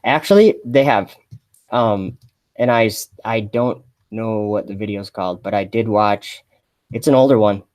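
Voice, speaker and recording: A man chatting on a mock live stream in a deadpan, rambling way, full of fillers and restarts. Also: on the low side, moderate pace. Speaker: satirical livestreamer posing as an astronaut.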